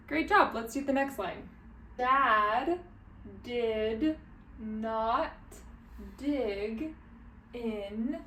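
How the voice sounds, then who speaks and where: A woman reading teacher giving a children's phonics lesson, sounding out words slowly and encouragingly. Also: a little high, fairly bright tone, a little hiss or hum.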